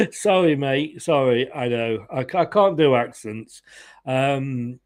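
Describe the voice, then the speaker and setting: A man's voice: mid-range voice, darkish tone. A man hosting a casual fan live stream, chatting, laughing and greeting viewers in the chat. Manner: chatty, laughs often, reads viewer comments aloud. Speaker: fan channel host.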